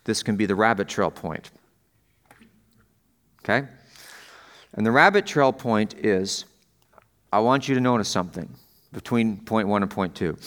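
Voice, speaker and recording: A man's voice: fairly low pitch, a bit bright. A man pastor giving a sermon in a conversational way, often checking in with the congregation and lifting his voice to stress a point. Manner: conversational preaching, asks the congregation questions.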